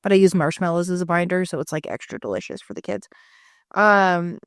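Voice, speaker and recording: A woman's voice: fairly low pitch, fairly even intonation, fast, creaky, no echo, studio quality. A woman in her thirties co-hosting a podcast, telling stories in a chatty way with lots of fillers. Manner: chatty, storytelling, many fillers. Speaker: podcast co-host. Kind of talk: casual chat.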